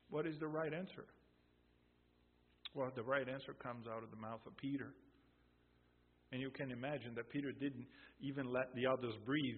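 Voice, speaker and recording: Man, sermon, slow deliberate delivery, tinny phone-like sound, long hall echo. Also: on the high side, slightly rough. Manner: emphatic, explanatory, repeats key phrases. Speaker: preacher.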